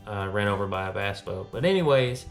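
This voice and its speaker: A man with a fairly low voice talks through his fishing day from a kayak out on a lake, casual and a little out of breath at times. He chats in a relaxed vlog style, and music plays clearly behind him. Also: fairly quick. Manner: excited outbursts when catching fish. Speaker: fishing vlogger.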